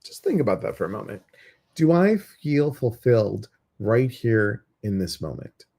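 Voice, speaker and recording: A man's voice: on the low side, big pitch swings, measured pace, gravelly, warm tone. A man hosting a meditation group, talking casually and rambling with many fillers. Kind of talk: casual chat to a live audience.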